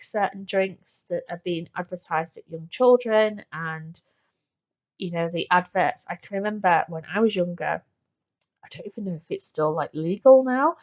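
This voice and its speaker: A woman's voice: medium pitch, lively intonation, measured pace, lo-fi sound. Chatty woman podcasting solo. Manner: chatty, many fillers and restarts. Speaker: podcast host.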